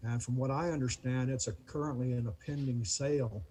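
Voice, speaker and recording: A man gives public comment on a video call, halting and restarting his words. His voice sits at an ordinary pitch. A faint hiss runs under the call. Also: steady tone, a little mellow, rough recording. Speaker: neighbor addressing the commission.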